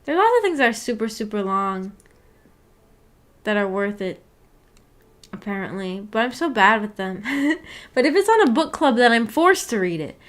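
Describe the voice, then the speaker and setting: A young woman with a somewhat high voice, chatting casually to her live-stream audience. She giggles often and trips over her own sentences, restarting them as she goes. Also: big pitch swings, moderate pace, pauses often. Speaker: streamer hosting a book club.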